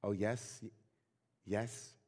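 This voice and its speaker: A man's voice: lowish voice, steady tone, slow, dark tone, husky, long reverb tail, pitched below the performer's own voice. A man voicing a drunk, needy Russian peasant with a slurred drawl, told as part of a sermon story. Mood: pleading.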